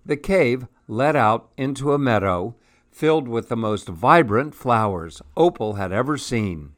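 A man reading a children's picture book aloud in a gentle, expressive way. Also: medium pitch, unhurried. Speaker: storyteller.

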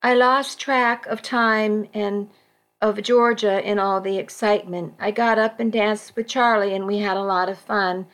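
A woman narrating a story aloud in first person, slow and careful, now and then correcting herself. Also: mid-range voice, fairly even intonation, a bit bright.

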